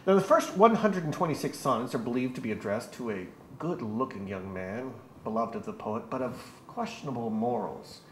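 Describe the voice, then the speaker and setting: A man with a voice of ordinary pitch delivers a scripted lesson in a dry, tongue-in-cheek way. The room adds a noticeable echo, and faint noise sits in the background. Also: lively intonation, moderate pace, few pauses. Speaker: presenter explaining poetry. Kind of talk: scripted educational narration.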